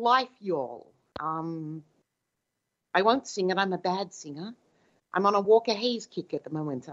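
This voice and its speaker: Woman, Australian accent, bubbly and chatty, lowish voice, dull lo-fi call audio. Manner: chatty, bubbly, laughs easily. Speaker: guest paranormal investigator. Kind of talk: casual podcast chat. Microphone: remote call mic.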